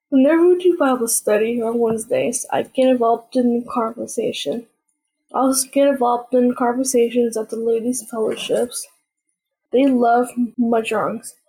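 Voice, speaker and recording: A woman's voice: fairly high pitch, dark tone, slightly rough, rough recording. A woman hosting her own podcast, telling personal stories in earnest, plain short sentences. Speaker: podcast host. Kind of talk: casual personal storytelling.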